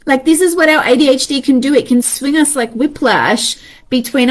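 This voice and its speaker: A woman's voice: sits high, normal speed. A woman in her thirties talking casually and animatedly to viewers about ADHD, swearing freely and acting out her inner voices.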